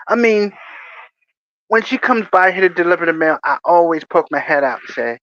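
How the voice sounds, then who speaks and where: A man's voice: on the high side, expressive, moderate pace, fairly bright tone, slight background noise. A man hosting a casual livestream, rambling through jokey stories with chuckles. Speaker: livestream host. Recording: dry, muffled lo-fi audio.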